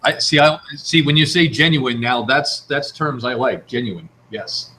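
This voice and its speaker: A man's voice: mid-range voice, measured pace, sharp tone. A man hosting an open-mic chat, answering with brief, encouraging replies.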